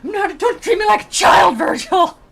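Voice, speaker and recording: A woman voicing an exasperated, sassy male poet who loudly protests being treated like a child. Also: fairly high pitch, fairly quick, close to an everyday voice. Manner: loud, whiny, protesting.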